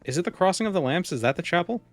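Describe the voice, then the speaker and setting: A man's voice: sits high, lively intonation, very fast, faint music behind. A man streaming a video game, chatting casually and musing aloud as he plays. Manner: musing, chatty, trails off and restarts. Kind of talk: casual gameplay commentary.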